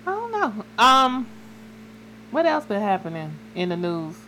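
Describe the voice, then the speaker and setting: A middle-aged woman co-hosting a casual radio chat, telling stories with lively mock outrage. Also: mid-range voice, measured pace, slight background noise, rough recording. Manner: animated storyteller, mock-outraged. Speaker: radio co-host.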